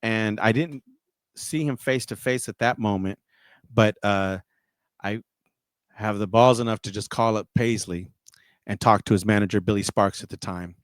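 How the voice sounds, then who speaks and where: A man's voice: lowish voice, moderate pace, dry recording. A middle-aged man, a radio and music industry guest, telling stories in a casual interview and often repeating and restarting his words. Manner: animated, repeats and restarts words when excited.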